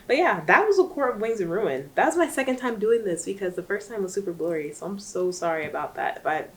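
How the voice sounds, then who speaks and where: A woman's voice: mid-range voice, expressive, quick pace, slight background noise, poor audio. A young woman rambling through a casual book recap, full of fillers and asides. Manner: rambling, chatty, many fillers. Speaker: book vlogger.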